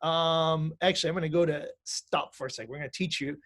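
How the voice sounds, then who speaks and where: A man's voice: fairly high pitch, steady tone, quick pace, a bit bright. A middle-aged man teaching an online mindfulness lesson for musicians, chatty and self-correcting, laughing easily, over a video call.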